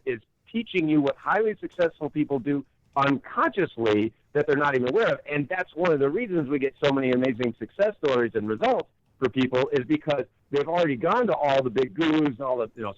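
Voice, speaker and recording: A man's voice: fairly high pitch, animated, quick pace, no room sound, muffled recording. A man as an interview guest, explaining with emphatic rhetorical questions and acted-out quotes. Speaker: guest author and coach.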